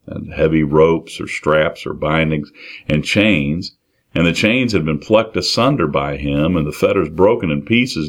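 A man with a very low, deep voice preaches verse by verse through a scripture passage. His delivery is earnest and plain-spoken, and he often restarts a phrase or repeats words as he explains each line. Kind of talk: expository sermon reading and explaining scripture.

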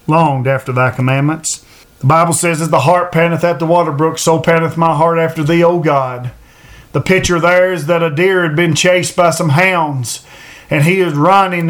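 High-voiced preacher giving an earnest sermon. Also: male voice, a bit bright. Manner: earnest, repeats phrases for emphasis, slows to read verses aloud. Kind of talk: sermon on a Bible passage.

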